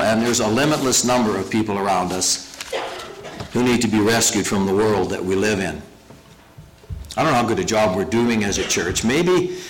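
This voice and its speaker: A pastor preaching a sermon, earnest and emphatic, slowing down to stress key phrases. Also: male voice, on the low side, fairly bright tone, rough recording.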